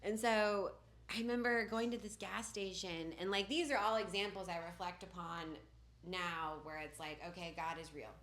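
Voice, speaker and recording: A woman's voice: fairly low pitch, steady tone, normal speed, a bit bright. A woman giving a candid personal recovery testimony in a casual, rambling way, full of "like" and "you know.". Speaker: speaker at a recovery meeting. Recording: roomy echoing room.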